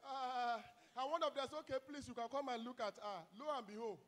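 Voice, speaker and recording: Fiery Nigerian pastor shouting a sermon. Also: male voice, very high voice, brisk. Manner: fiery call-and-response preaching, shouting and asking "hello?".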